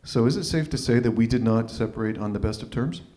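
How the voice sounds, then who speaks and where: A man's voice: medium pitch, fast. Man telling a personal story at an open mic. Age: 30s. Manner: animated, acts out quoted voices. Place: live open mic venue.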